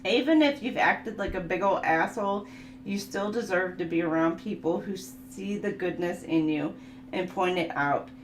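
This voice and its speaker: A woman's voice: on the low side, moderate pace. A woman giving a casual oracle card reading, chatting and laughing as she reads the card text aloud. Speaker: tarot reader. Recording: echoey room with steady hum.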